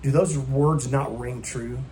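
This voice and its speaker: A man's voice: mid-range voice, fairly even intonation, slow, mellow, slight background noise. A man preaching a sermon in a church, emphatic and full of rhetorical questions put to the congregation. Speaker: pastor.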